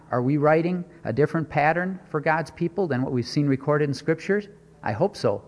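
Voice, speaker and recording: A man with a fairly high voice preaches a sermon in a big-sounding room, stressing and repeating his points and posing rhetorical questions.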